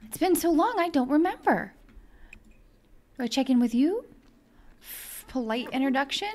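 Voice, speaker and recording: Excitable young woman narrating a game. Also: high voice, moderate pace. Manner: excitable, chatty, thinks aloud. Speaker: gaming video host. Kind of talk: casual let's-play commentary.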